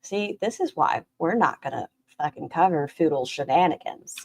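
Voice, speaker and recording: A woman reacting to clips on a stream, sarcastic and swearing freely, swinging from loud bursts to muttered asides. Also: low-pitched, animated, moderate pace, creaky. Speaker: commentary streamer.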